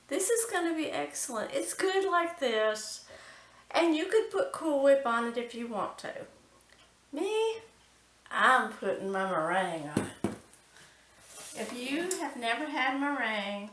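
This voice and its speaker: A woman's voice: sits high, fairly bright tone, reverberant, distant mic, slight background noise, rough recording. A woman hosting a cooking channel, talking through a recipe step by step and exclaiming with delight.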